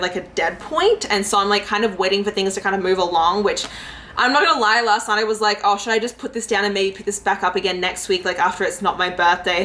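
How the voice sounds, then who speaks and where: A young woman in her twenties, chatting casually to camera in a reading vlog with lots of fillers, her voice jumping high when she gets excited. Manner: chatty and giggly, lots of likes and ums, jumps into high pitch when excited. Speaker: book vlogger.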